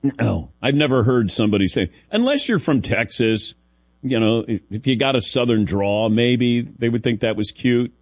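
A man's voice: medium pitch, lively intonation, moderate pace, dry recording, studio quality. A man from the Midwest hosting a sports radio show, telling stories in a wry, self-deprecating way and chuckling between lines. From American Midwest. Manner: wry, self-deprecating storyteller who laughs often. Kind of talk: casual sports radio banter.

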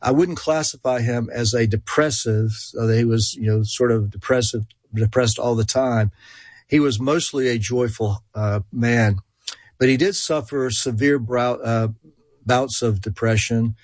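A man's voice: mid-range voice, measured pace, no room sound. A man with a country Georgia accent, speaking as a guest expert on a call-in radio talk show, with many fillers and restarts. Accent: rural Georgia. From Georgia, USA.

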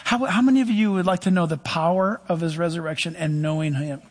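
A middle-aged male pastor preaching a sermon, animated, with sudden drops to soft, low asides. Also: fast talker.

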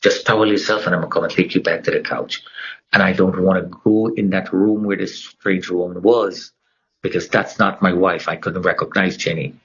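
A man's voice: low voice, steady tone, moderate pace, fairly bright tone, slightly rough. A middle-aged man giving an interview, telling his personal testimony with drama and acting out the voices of the people in it. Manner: dramatic, acts out the voices of others in his story. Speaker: interview guest. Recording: muffled lo-fi recording.

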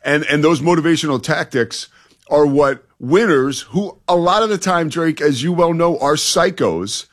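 A man's voice: fairly high pitch, normal speed. Confident male sports radio co-host. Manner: confident, emphatic opinions.

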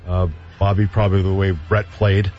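A man's voice: low-pitched, little pitch movement, moderate pace, muffled recording, soft background music. A man, a former hockey player, telling stories in casual sports chat with many fillers and restarts.

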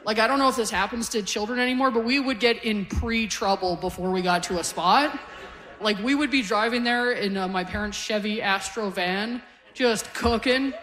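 A woman's voice: fairly high pitch, normal speed, fairly bright tone. Canadian-born woman in her forties, stand-up. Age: 40s. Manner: conversational, self-deprecating storytelling. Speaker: stand-up comedian. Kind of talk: stand-up comedy set. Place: comedy stage before a live audience.

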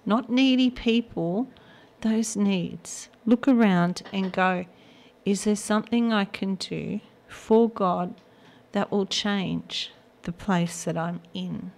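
A woman's voice: medium pitch, a little mellow. An older woman hosting a gospel radio show, giving an earnest, emotional devotional talk. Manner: earnest, emotional, slow and heartfelt.

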